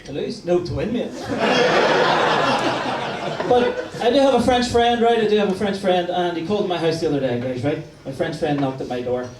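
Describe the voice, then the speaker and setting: Heard from a distance in a roomy live space with crowd noise, a high-pitched male stand-up talks at a normal pace during his set. He works the room in a chatty, cheeky way, teasing the people in front of the comedy stage.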